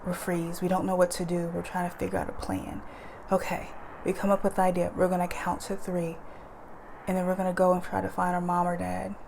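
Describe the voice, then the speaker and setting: Woman, low gravelly voice, eyewitness ghost story, vivid present-tense telling. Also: monotone, brisk, a little hiss or hum.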